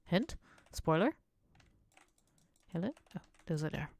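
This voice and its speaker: A woman's voice: lowish voice, animated, slow pace, creaky, a little mellow, dry recording. A woman whose first language is not English, live-streaming a Minecraft build and chatting in a rambling way while she plays and mutters to herself.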